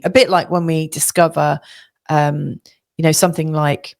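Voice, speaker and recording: A woman's voice: low voice, little pitch movement, moderate pace, creaky. A middle-aged woman astrologer giving a monthly forecast in a reflective, coaching way, with many fillers and restarts.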